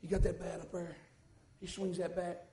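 A man preaching a sermon in a church, folksy and rising into fervent shouts. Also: high voice, flat delivery, moderate pace, creaky. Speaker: pastor. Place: church sanctuary. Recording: echoey church room.

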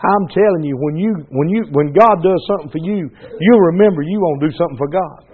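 A preacher with a high voice delivers a folksy, fervent sermon to his church, with loose colloquial grammar and "Amen" calls. The recording is dull and lo-fi. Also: fast talker, husky. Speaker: pastor.

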